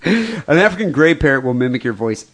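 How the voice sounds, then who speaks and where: A man, co-hosting a podcast in casual chat, retelling a grim story with meandering, halting restarts. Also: fairly high pitch, big pitch swings, a bit bright. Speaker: podcast co-host.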